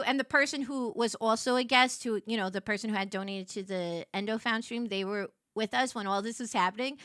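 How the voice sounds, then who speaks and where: A woman streamer telling a story to her live chat, animated and quick to get loud when excited. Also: high voice, clean tone, no room sound, studio quality.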